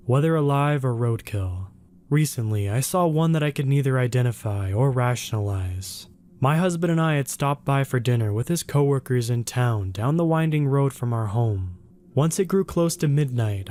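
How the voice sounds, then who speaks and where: Mellow-voiced man narrating horror stories. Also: medium pitch. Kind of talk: scripted narration.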